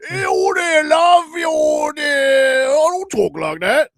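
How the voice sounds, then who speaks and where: A man's voice: very high-pitched, huge pitch swings, slow, fairly bright tone, no echo, studio quality, pitched above the performer's own voice, full character voice. A man on sports radio doing a mocking impression of a pompous, posh British man with an exaggerated British accent. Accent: put-on British.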